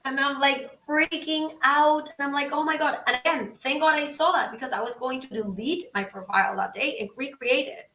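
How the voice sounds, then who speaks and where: Woman guest, high, sharp voice, acts out dialogue, roomy sound from a distance. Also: moderate pace, few pauses. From Venezuela. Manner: acts out both sides of conversations, exclaims. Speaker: podcast guest. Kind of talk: animated storytelling.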